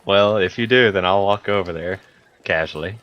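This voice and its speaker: A man's voice: sits low, moderate pace, dull audio. A man playing a tabletop game, describing his character's exaggerated actions in a playful, hammy way. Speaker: player.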